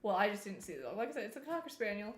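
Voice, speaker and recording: A woman streamer telling a story in a casual, animated way while she plays, now and then breaking off to remark on the game. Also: mid-range voice, racing, a little hiss or hum. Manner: chatty, animated retelling, breaks off to comment on the game. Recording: roomy echo.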